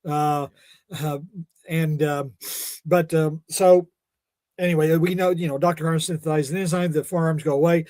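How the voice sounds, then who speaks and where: A man's voice: a little high, fairly even intonation, normal speed, mellow, no room sound. A man co-hosting a casual comics podcast, rambling with many restarts and wry jokes. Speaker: podcast co-host.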